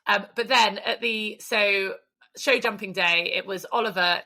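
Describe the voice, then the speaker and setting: Woman, podcast co-host, bright edge, chatty and laughing. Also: mid-range voice, fairly even intonation, a little slow. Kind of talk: casual chat.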